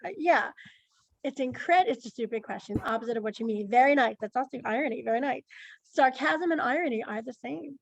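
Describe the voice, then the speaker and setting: Female teacher, online lesson, high pitch, creaky edge, keeps quizzing students by name. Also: fairly quick, no room sound. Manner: questioning, chatty, calls on students by name. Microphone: computer mic on a video call.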